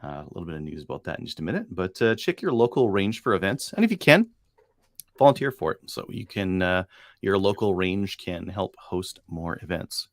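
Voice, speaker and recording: A man's voice: low voice, sing-song, fairly quick, no room sound, clean studio sound. A man hosting a casual talk show, reading out news items loosely with many fillers. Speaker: podcast host. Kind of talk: casual chat. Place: studio.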